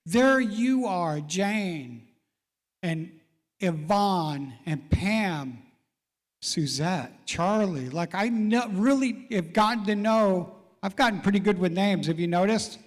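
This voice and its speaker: Taking it slowly, with a voice that sits high, a middle-aged man hosts a live real estate event. He's folksy and encouraging, calling on people in the audience by name, and the recording carries the reverb of a large event hall.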